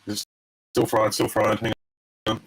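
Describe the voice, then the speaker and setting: A fairly low-pitched Australian man speaks at normal speed over low-quality audio with slight hiss or hum. Hosting a live card break, he talks to viewers in a chatty, excitable way and reacts to each pull.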